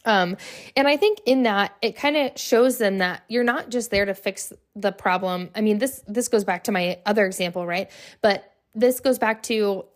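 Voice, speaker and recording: A young woman talks through her solo podcast in a loose, chatty way. Her pitch sits in the ordinary middle for a woman, and she keeps checking in with "right?" as she goes. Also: moderate pace. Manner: chatty, lots of "right?" and "like" fillers. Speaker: podcast host. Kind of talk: casual solo podcast talk.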